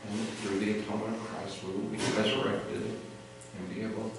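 With a creaky, lowish voice that barely shifts in pitch, a middle-aged man delivers an earnest, reflective eulogy for a relative at a moderate pace, with light laughter along the way. The funeral chapel audio is noisy and echoey, recorded from far away.

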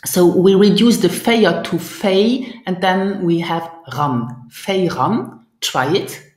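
Woman, language teacher, slow, lowish voice, roomy echo. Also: lively intonation, darkish tone. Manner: patient, coaching, models pronunciation and invites repetition. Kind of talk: online language lesson.

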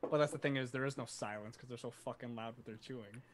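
A man's voice: mid-range voice, quick pace, a little hiss or hum. A man co-hosting a casual podcast chat, blunt and laughing often, swearing freely as he vents. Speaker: podcast co-host.

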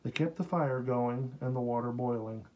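A male audiobook narrator reads a historical novel at a steady, unhurried pace. His voice sits at a middling pitch with a dark, mellow tone. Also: muffled recording. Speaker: audiobook reader. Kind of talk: scripted narration.

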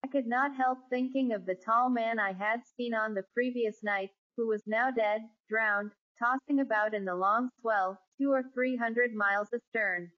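A woman narrating a classic ghost story in a measured, even storytelling manner. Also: on the high side. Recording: dull lo-fi recording.

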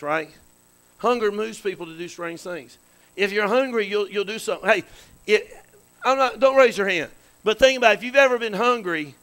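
A man's voice: sits high, a bit bright, poor audio. A man pastor preaching a folksy sermon, calling out to the congregation with frequent amens and questions. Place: church sanctuary.

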